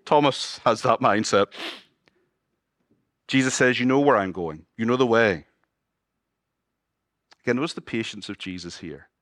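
A man preaching a sermon as pastor, moving between loud exclamations and hushed, low passages and asking his congregation questions. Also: unhurried, long pauses, dry recording, clean studio sound. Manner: asks the congregation questions and jokes with them. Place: church.

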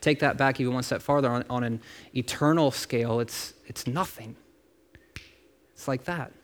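A man's voice: medium pitch, normal speed. A man delivering a sermon in a loose, conversational manner. He talks directly to his listeners, breaks off into asides and repeats words as he thinks aloud. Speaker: pastor.

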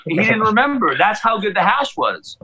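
A man in his forties hosting a casual chat, telling long rambling stories full of swearing and excited asides. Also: sits high, normal speed, vocal fry, very noisy. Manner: rambling, profane, animated storytelling. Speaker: DJ and podcast host.

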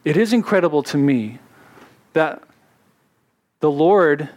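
A man, a pastor, preaching a sermon in an earnest way, slowing down to stress key words. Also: on the high side, expressive, a little mellow.

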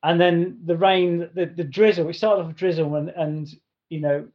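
A man's voice: on the high side, flat delivery, normal speed. A man co-hosting a podcast, telling a story casually in a rambling way, full of restarts. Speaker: podcast co-host. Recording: dull lo-fi sound.

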